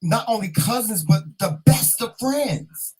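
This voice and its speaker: A man from North Carolina, chatting casually on his vlog as host, repeating himself and sounding proud and excited. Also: high voice, measured pace, slightly rough, faint music behind, rough recording.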